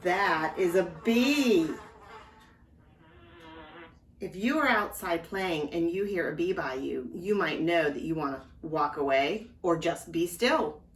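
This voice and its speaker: A woman giving a slow, gentle lesson to young children as a librarian, talking straight to them. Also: on the low side, expressive, far from the mic. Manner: slow, gentle, speaking directly to small children. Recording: echoey room, voice a bit off-mic. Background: clock ticking.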